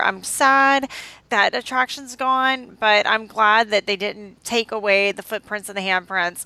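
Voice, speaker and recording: A woman co-hosting a podcast, chatting in an excitable, bubbly way and laughing often. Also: medium pitch, clean tone, no echo. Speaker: podcast co-host. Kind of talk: casual chat.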